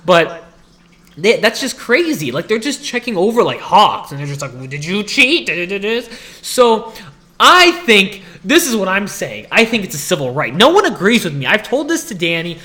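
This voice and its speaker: A man's voice: high voice, big pitch swings, moderate pace, sharp tone. A young man hosting his own podcast, ranting animatedly in casual talk and often laughing as he complains. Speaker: podcast host. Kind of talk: casual solo rant.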